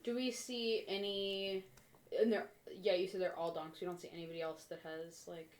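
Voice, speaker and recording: A woman's voice: lowish voice, flat delivery, normal speed, a little mellow, echoey room. A woman player in a tabletop game, chatty and upbeat.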